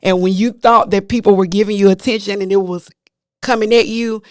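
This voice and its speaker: A woman's voice: medium pitch, brisk, no room sound, clean studio sound. A woman co-hosting a podcast, talking candidly and earnestly about her own struggles in casual chat. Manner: earnest, confessional, animated when retelling. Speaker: podcast co-host.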